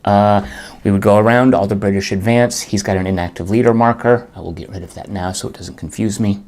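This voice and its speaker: A man with a fairly low voice narrates his own solo board game turn by turn. He thinks aloud in a muttering, half-to-himself way and groans when the dice go against him. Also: fairly even intonation, fairly quick, darkish tone.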